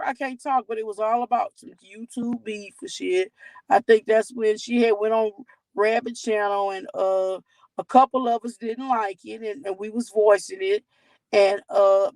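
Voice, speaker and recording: A woman's voice: a little high, dry recording, rough recording. A woman hosting a casual livestream, talking candidly and chatting straight to her viewers. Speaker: livestream host.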